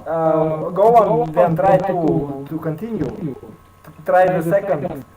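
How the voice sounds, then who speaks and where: Slow-spoken male piano teacher. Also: a little high, distant mic, crowd noise. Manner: patient, repeats phrases, laughs often, halting non-native English. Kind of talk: live online piano lesson. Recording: roomy, off-mic with piano playing.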